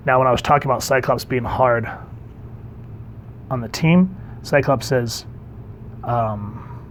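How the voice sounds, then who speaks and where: A man's voice: medium pitch, slow, long pauses, a little hiss or hum. A man casually reviewing a comic book, conversational and enthusiastic, with frequent ums. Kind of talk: casual commentary.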